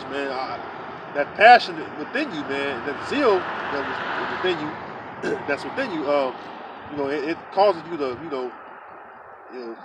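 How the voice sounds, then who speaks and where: A man's voice: mid-range voice, distant mic, noisy background. A man telling a story in casual talk, rambling and profane, repeating himself with lots of "you know" and "man". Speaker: religious group member telling a story.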